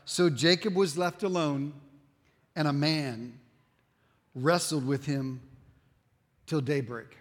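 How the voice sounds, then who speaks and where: A man preaching in a church sanctuary, his fairly high voice ringing with a long reverb. He tells the story dramatically and moves from loud, urgent bursts to hushed, intense passages. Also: slow, long pauses. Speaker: pastor. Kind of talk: sermon.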